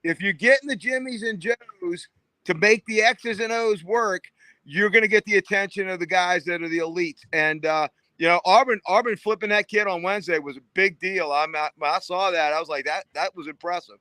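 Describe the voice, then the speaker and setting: Male co-host, high bright voice, dry close sound, emphatic chatter. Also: normal speed, dry recording, poor audio. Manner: emphatic, chatty, peppered with "you know". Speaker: sports radio co-host. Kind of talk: casual sports talk.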